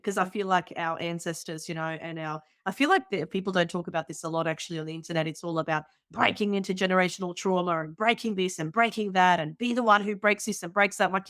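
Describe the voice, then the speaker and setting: A woman's voice: lowish voice, fairly bright tone, no echo, studio quality. A woman hosting a podcast, who talks frankly in a casual conversation, swearing freely and leaning on "like". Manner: frank, swears freely, quick repeated fillers. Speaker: podcast host.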